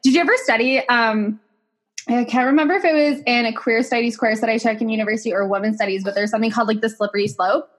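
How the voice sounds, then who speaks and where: A bubbly young woman chatting casually as a podcast guest, animated and swearing freely. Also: on the high side, fast.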